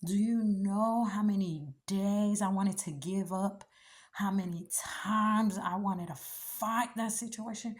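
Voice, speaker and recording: A woman's voice: mid-range voice, slow pace. Woman, blunt motivational faith talk, preachy and direct, slangy asides. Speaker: speaker giving encouragement.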